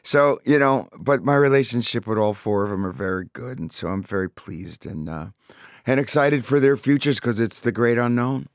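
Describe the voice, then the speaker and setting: A man's voice: medium pitch, lively intonation, normal speed, dry recording. A man, a guest talking candidly in a studio interview, swearing freely and repeating words while he searches for them. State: recovering voice after vocal surgery. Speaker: interview guest, rock singer.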